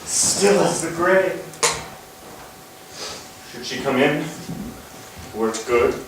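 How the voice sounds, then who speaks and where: A man's voice: a little high, animated, takes it slowly. A man playing a tormented jealous general. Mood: brooding. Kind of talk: stage Shakespeare acting. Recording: roomy hall, distant mic, faint noise.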